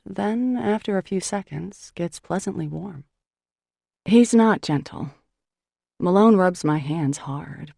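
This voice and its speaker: Woman narrator, audiobook, first-person romance, gravelly, dark mellow tone, dry close mic. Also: fairly low pitch, dry recording. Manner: intimate, measured storytelling.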